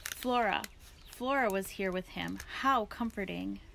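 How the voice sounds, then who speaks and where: Rambling formal old lady philosopher in a storybook, read by a woman, slightly gravelly. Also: mid-range voice, fairly bright tone, slight background noise. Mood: musing. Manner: formal, digressive, unhurried.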